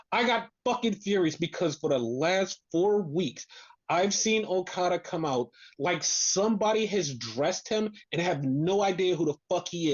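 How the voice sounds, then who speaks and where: A podcast co-host rants in casual conversation, swearing constantly and getting more worked up as they go. Their pitch jumps around with a lot of animation. The audio is dull and lo-fi. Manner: animated, profane ranting. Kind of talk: casual wrestling podcast chat.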